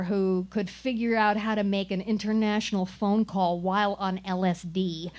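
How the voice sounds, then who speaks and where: A woman's voice: mid-range voice, slight background noise. A woman performing a wry, comic personal story at a live storytelling showcase. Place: small live venue.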